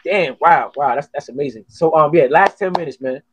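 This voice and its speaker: A man hosting a podcast, telling stories in an animated, profane, casual way. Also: a little high, brisk, slightly rough, no echo. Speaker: podcast host. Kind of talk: casual chat.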